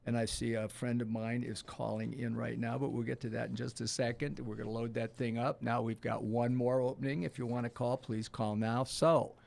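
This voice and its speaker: Gravelly older male radio host. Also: medium pitch, flat delivery, a little fast, few pauses, a little mellow. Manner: rambling, hesitant with many fillers. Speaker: radio talk show host. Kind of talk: casual radio talk.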